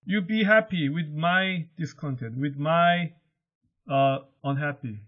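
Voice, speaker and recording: A male teacher whose first language is Korean explains a play in English, paraphrasing each quoted line in simple words and going higher when he reads lines aloud. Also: takes it slowly. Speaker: high school English teacher. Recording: dull lo-fi recording.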